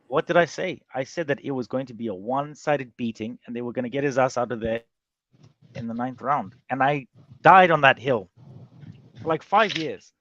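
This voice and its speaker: A man's voice: mid-range voice, moderate pace, no echo, muffled recording. Rambling man on a panel call. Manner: animated, rambling, with many restarts. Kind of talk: casual chat on a boxing panel show.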